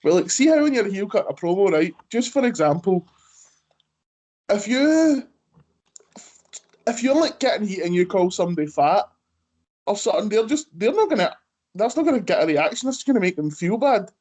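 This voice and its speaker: A man's voice: high-pitched, very animated, brisk, pauses often, a little mellow. A Scottish man hosting a wrestling podcast, talking in a rambling casual way full of "like" and "aye". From Scotland. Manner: rambling, peppered with "like" and Scots "aye". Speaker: podcast host. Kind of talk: casual chat.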